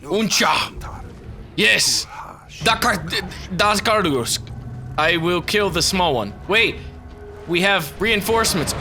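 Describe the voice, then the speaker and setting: A man's voice: sits high, slow, pauses often, slight background noise. A young man giving casual, profane let's-play commentary, talking to himself as he plays. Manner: animated and profane, talking to himself over gameplay. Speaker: gaming video creator.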